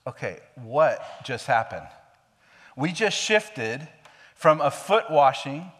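Preacher in a reverberant hall. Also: male voice, medium pitch, very animated, slow. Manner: emphatic, repetitive, shifts between hushed and loud. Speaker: pastor. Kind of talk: sermon.

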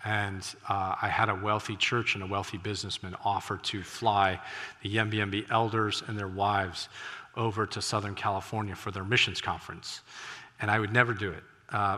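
Male missionary preacher, lower register, sermon storytelling with sudden loud bursts, echoing sanctuary. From United States. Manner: animated, breaks into loud exclamations. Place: church sanctuary. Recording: reverberant church hall.

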